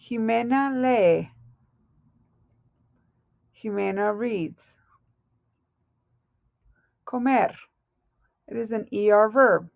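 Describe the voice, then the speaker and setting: A woman's voice: on the high side, extremely slow, creaky, pauses often, no echo, studio quality. A woman teaching a recorded language lesson, patiently spelling out verb endings letter by letter. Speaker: Spanish teacher.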